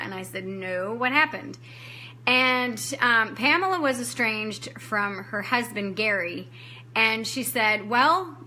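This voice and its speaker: A woman's voice: a little high, sharp tone, slight background noise. A woman coach telling a personal story in a training, candid and emotional, acting out her own past words and swearing casually. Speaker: life coach giving a training.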